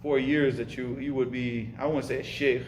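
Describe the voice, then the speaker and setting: A man's voice: mid-range voice, little pitch movement, normal speed, echoey room, slight background noise, low-quality recording. A man teaching an informal lesson, speaking casually and emphatically, repeating himself and mixing in Arabic terms. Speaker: Arabic and Islamic studies teacher. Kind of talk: informal lesson with live questions.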